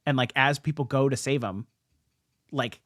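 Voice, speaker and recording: A man's voice: mid-range voice, moderate pace, no echo. A young man in the middle of his range hosts a casual chat about comics, recorded dry and close. He tells the stories with animation, stacking up "like"s and restarting lines as his thoughts race ahead. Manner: animated storyteller, many "like"s and restarts. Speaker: podcast host.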